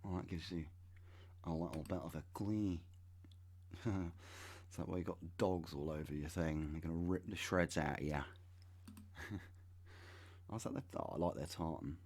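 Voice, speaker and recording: A man's voice: low voice, fairly even intonation, moderate pace, pauses often, darkish tone. A man in his thirties reading web pages aloud and adding wry, sarcastic asides as a channel host. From United Kingdom. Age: 30s.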